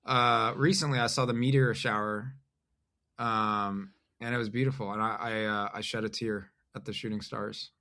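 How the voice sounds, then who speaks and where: Bright-voiced man, halting and deadpan. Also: fairly low pitch. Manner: halting, deadpan, self-deprecating. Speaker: podcast guest, musician. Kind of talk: casual conversation.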